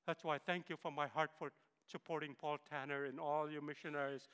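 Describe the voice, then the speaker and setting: A man's voice: on the high side, flat delivery, a little fast, fairly bright tone, clear, resonant tone, big-room sound. A man, giving an impassioned sermon testimony as a guest speaker in a church. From northern Philippines. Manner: impassioned storytelling. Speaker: missionary pilot, guest speaker.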